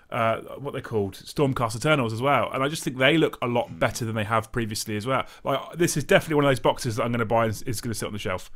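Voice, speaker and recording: A man's voice: medium pitch, fairly bright tone. A man guesting on a hobby podcast, talking casually and earnestly about what he likes. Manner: opinionated, earnest. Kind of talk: casual chat.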